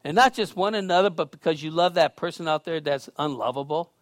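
A pastor preaching in a high, lively voice, recorded dry and close. He swings from loud, emphatic lines to quiet, chatty asides. He tells stories casually and laughs along the way. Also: a little fast, no echo. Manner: conversational storytelling with laughs. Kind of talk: sermon.

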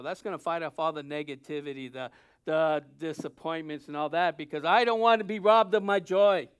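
This pastor has a high-pitched male voice and delivers a conversational sermon to his congregation. He moves between quiet asides and loud, emphatic moments.

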